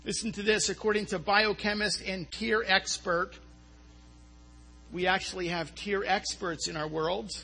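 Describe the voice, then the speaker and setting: A man's voice: high-pitched, fairly even intonation, measured pace, creaky, pushed and bright, husky. A man preaching a sermon who asks rhetorical questions, answers them himself, and often stumbles and repeats his words.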